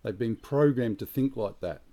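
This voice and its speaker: A man's voice: medium pitch, moderate pace, dark tone. An Australian man giving blunt, emphatic prepping advice outdoors in a casual monologue, swearing freely. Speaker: prepping vlogger. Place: outdoors near trees.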